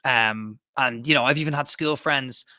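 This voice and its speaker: Male podcast host, bright tone, dry close sound, rambling and eager, self-interrupting. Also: mid-range voice, normal speed, dry recording. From Ireland. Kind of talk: casual interview chat.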